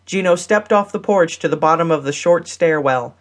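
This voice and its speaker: A woman's voice: low voice, moderate pace, few pauses. Woman narrating an audiobook steadily. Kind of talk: scripted narration.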